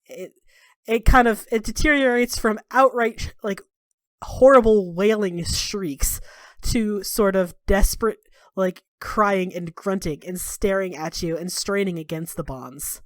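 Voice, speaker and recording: A woman's voice: medium pitch, unhurried, no echo, studio quality. A woman narrating a tabletop game as game master, describing the scene at length with many fillers.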